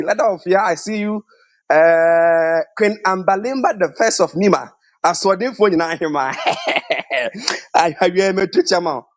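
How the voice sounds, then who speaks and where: A man's voice: high voice, no room sound. A man on a live online show, greeting viewers one by one by name and laughing often, talking over a phone line with a weak network. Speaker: show correspondent.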